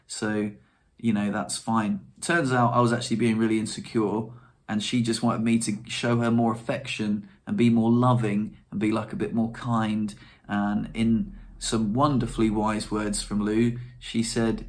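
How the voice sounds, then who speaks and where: A man's voice: mid-range voice, level tone, moderate pace. A young man, chatting casually to camera in a rambling, self-deprecating way. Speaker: vlogger.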